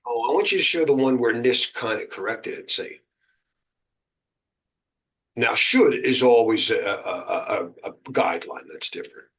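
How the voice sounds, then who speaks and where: Chatty American man with a lively voice. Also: mid-range voice, normal speed. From United States. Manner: chatty, jokey, lots of uh and um. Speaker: cybersecurity exam instructor. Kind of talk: casual teaching chat.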